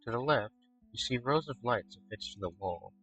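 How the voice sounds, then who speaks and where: A man streaming a game, reading the story text aloud and thinking out loud, swearing freely and humming as he works through puzzles. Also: medium pitch, lively intonation, moderate pace, music in the background, poor audio.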